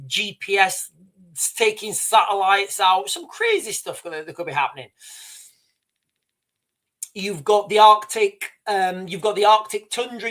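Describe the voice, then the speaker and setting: A man's voice: high-pitched, fairly bright tone. A man hosting a livestream, talking viewers through speculative scenarios in a rambling, casual way. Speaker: livestream host.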